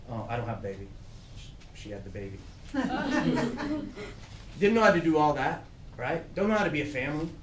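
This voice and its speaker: A middle-aged man giving a motivational talk to a group of youth trainees. He tells his own stories in an animated way and laughs through the funny parts. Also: on the high side, distant mic, slight background noise. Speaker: program director speaking to youth trainees. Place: room with an audience. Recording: echoey room, voice from off-mic.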